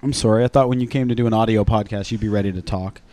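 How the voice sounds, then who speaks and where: A man's voice: lowish voice, steady tone, very fast, mellow, dry recording. A man hosting a casual podcast, crude and teasing, laughing often. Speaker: podcast host.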